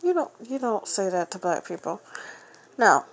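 A woman's voice: mid-range voice, very animated, moderate pace, creaky. A young woman from Florida, hosting a podcast and ranting bluntly, rambling and swearing while she has a cold. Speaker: podcast host. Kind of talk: casual ranting monologue.

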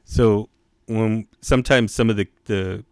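A man telling youth camp stories in casual chat, swearing a lot and calling his listener bro, acting out the shouting. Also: fairly low pitch, steady tone, a little slow, clear, resonant tone, no room sound, studio quality. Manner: profane, slangy, keeps saying bro; acts out quoted yelling in raised voice. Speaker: guest, youth camp director.

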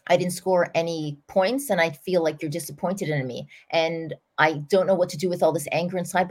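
A woman's voice: deep voice, a little mellow. A woman voicing an upset young boy pouring out his feelings to his father in an earnest rush. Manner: earnest, tumbling confession.

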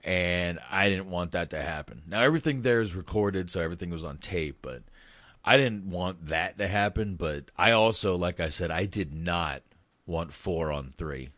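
Brief: male podcast host, profane and rambling, low pitch. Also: normal speed, a bit bright, no echo. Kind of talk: casual chat about a film.

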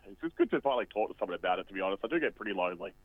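A man's voice: deep voice, lively intonation, racing, dry recording. A man voicing a lonely, self-pitying road bridge that rambles melodramatically, close to tears, as a guest on a comedy radio bit. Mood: sorrowful. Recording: tinny phone line.

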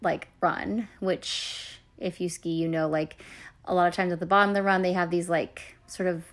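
A woman's voice: on the low side, steady tone, normal speed. A woman in her thirties hosting a podcast, telling stories in a chatty, self-deprecating way with lots of fillers. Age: 30s. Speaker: podcast host and coach. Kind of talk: casual chat.

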